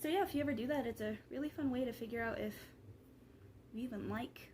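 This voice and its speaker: A chatty young woman talks straight into her camera mic, rambling along with plenty of ums and likes. Her voice sits a little high for a woman, with a faint hiss of background noise behind it. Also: fast talker, a little mellow. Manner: rambling, chatty, lots of fillers. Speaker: vlogger. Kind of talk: casual vlog chat.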